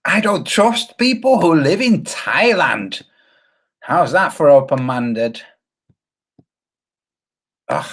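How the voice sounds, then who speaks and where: Male commentator, calm and hesitant, very animated pitch. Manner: measured, hesitant with many fillers. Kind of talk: reaction commentary.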